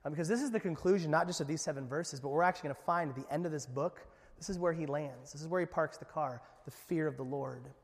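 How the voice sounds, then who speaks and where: A man, a pastor, preaching a conversational sermon with lively asides. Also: fairly high pitch, fast talker. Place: church sanctuary. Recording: long echo of a church hall.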